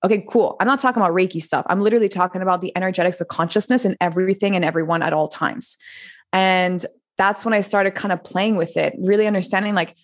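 A woman in her twenties, a coach and podcast guest, telling her story in a rambling, animated way with frequent laughs and restarts. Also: fairly low pitch, fast. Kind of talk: casual interview storytelling.

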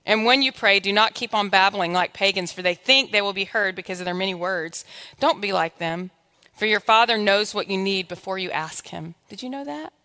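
A woman's voice: medium pitch, fairly quick, pushed and bright. A woman preaching a sermon in a church, telling stories animatedly and acting out her own dialogue with God. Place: church sanctuary. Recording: long hall reverb.

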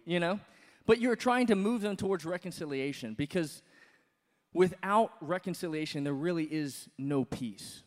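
Pastor, male, 30s, chatty animated sermon, slightly high voice, long church reverb. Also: normal speed. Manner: conversational, animated preaching with frequent fillers and restarts.

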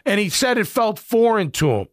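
A man's voice: high-pitched, sing-song, moderate pace, dry recording, studio quality. A middle-aged man, a former football player, giving casual sports commentary in a blunt, rambling way with lots of fillers.

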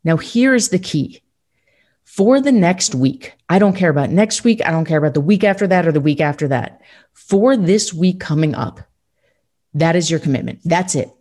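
Upbeat woman podcast host, low voice. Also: expressive, moderate pace, darkish tone. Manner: upbeat, emphatic, coaching tone. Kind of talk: motivational podcast talk.

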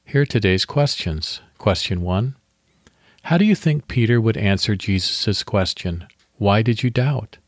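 A man hosting a devotional podcast, reading scripture slowly and leading a guided meditation. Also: lowish voice, expressive, no echo, studio quality.

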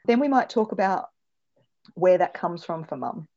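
Thoughtful woman, lowish voice, lo-fi sound. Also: expressive, normal speed, a little mellow. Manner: thoughtful, many restarts and fillers. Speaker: parenting specialist guest. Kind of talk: conversational podcast interview. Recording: dull lo-fi recording.

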